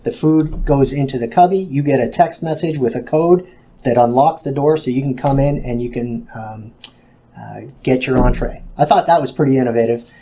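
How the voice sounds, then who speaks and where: A man's voice: medium pitch, moderate pace, mellow. A man speaking as a guest in a business interview, explaining in a casual way with some fillers. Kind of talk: video interview answers.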